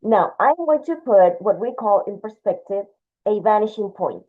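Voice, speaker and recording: On tinny, phone-like audio, a woman art teacher with a mid-range voice gives a drawing lesson at a normal speed. Her intonation is lively, and she patiently explains each step while she draws.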